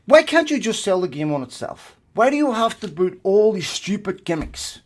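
A man's voice: high-pitched, normal speed. Ranting man with a raised voice. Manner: animated, ranting, swears. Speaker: podcast co-host. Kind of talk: heated casual podcast chat.

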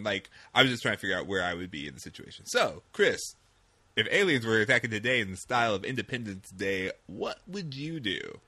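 A man's voice: on the low side, very animated, brisk, pushed and bright. A young man hosting a casual podcast chat, playful and laughing often as he talks. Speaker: podcast host.

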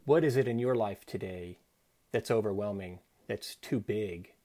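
Male speaker, earnest devotional talk, reflective delivery with soft quoted lines. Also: on the low side, unhurried. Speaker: Christian speaker.

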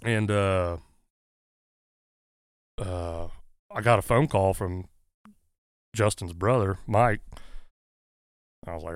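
Low-voiced man with a drawl. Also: clean tone, no room sound, studio quality. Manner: halting, many "uh" fillers, earnest. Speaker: guest, firefighter. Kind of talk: casual conversational storytelling.

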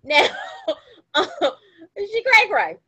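Woman podcast co-host, animated storyteller, high and very expressive. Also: extremely slow. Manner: animated storytelling, acts out quotes in exaggerated voices; blunt and emphatic, laughs often. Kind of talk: casual chat.

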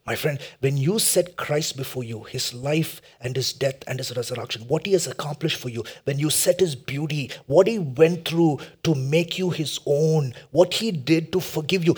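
A man preaching a sermon as pastor, impassioned, repeating his phrases and dropping to a hushed tone for prayer. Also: a little high, moderate pace, hardly any pauses, husky.

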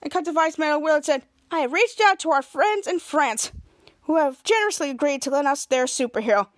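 A woman's voice: animated, fairly quick, dry recording, studio quality. A woman hosting a podcast, retelling a TV episode scene by scene, acting out quotes and often restarting her sentences. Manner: retells scenes, acts out quotes with raised pitch, many restarts. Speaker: podcast host. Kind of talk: casual episode recap.

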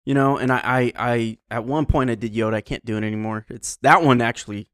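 A young man co-hosting a podcast in a relaxed, rambling chat. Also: mid-range voice, brisk, no echo, clean studio sound. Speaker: podcast co-host. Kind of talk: casual chat.

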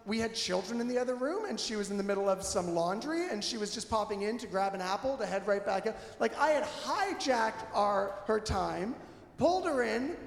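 Male pastor, high voice, gravelly edge, animated candid sermon, echoey church hall with long reverb. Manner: animated, candid, self-deprecating. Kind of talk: conversational sermon. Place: church sanctuary.

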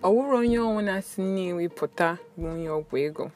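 A young woman with a Nigerian accent chatting in a casual vlog, animated and laughing often as she tells stories. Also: on the low side, moderate pace. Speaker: vlogger. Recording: music playing underneath. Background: background music.

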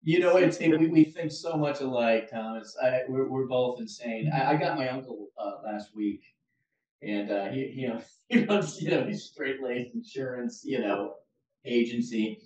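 A man hosting a podcast who tells animated stories and laughs easily. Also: mid-range voice. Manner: animated storytelling, quick to laugh. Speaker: podcast host. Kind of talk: casual podcast chat. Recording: very echoey, distant mic.

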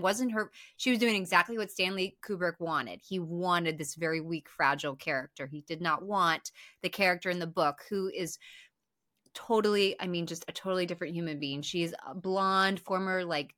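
A young woman co-hosting a podcast, recapping a film in casual, animated chat, swearing freely and restarting her sentences. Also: on the low side, no room sound, clean studio sound. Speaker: podcast co-host.

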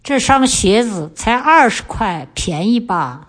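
A middle-aged woman, a guest on a language lesson, reading example sentences in a calm, measured way. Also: on the high side. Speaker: guest, the host's mother.

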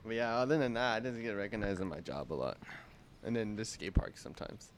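A man's voice: lowish voice, animated, fast, slight background noise. A young man in casual chat, easygoing and full of slang.

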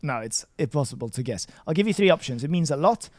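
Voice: medium pitch, animated, quick pace, no room sound, clean studio sound. A language teacher leading a one-on-one lesson, patient and playful, drilling words by repeating them.

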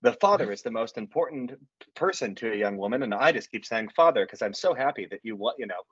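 A man's voice: medium pitch, lively intonation, quick pace, husky, no room sound. A man playing a preteen girl who poses as her twin and gushes over her father, in a podcast bit with dull audio. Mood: gushing.

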